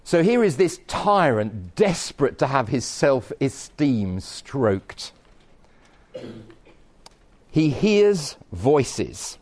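A man's voice: medium pitch, big pitch swings, drawn-out words, a little mellow. A man preaching a sermon in a conversational style, with wry asides.

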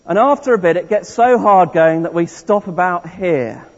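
Speaking at a normal speed with a high pitch and lively intonation, a man walks the congregation through a story during an interactive all-age service. He is playful and encouraging but restarts often. It was recorded from afar in a large church hall, so the audio is dull and echoey.

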